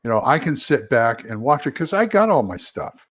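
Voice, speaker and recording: A man's voice: medium pitch, sing-song, moderate pace, fairly bright tone. A man who is a guest on a podcast, talking in a chatty, anecdotal way and trailing off. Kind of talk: casual podcast chat.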